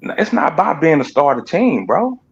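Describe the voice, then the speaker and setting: Slangy man co-host, slightly high voice, muffled audio. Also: sing-song, a little fast. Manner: slangy, keeps saying bro. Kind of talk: casual sports talk. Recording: dull, lo-fi line.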